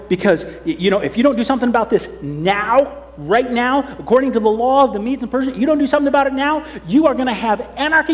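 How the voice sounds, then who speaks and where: Pastor playing sly flattering royal advisers. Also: male voice, very high voice, pitched above the performer's own voice. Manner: wheedling, coaxing. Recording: long church hall reverb.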